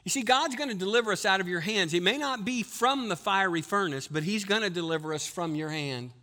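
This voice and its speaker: High, bright-voiced preacher man. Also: a little fast. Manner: impassioned preaching, rising loud on key lines, dropping low to explain. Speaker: pastor. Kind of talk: sermon. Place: church sanctuary.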